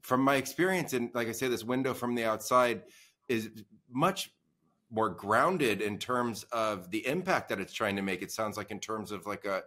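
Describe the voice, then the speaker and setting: A man hosting a podcast interview, asking measured questions and offering praise. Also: on the low side, fairly bright tone. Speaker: podcast host.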